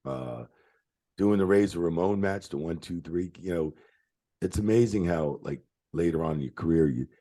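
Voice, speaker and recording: A middle-aged former wrestling referee, a man, telling backstage stories in a casual interview, animated and swearing freely. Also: low-pitched, moderate pace. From New Jersey area. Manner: animated, swearing, laughing, retelling backstage anecdotes.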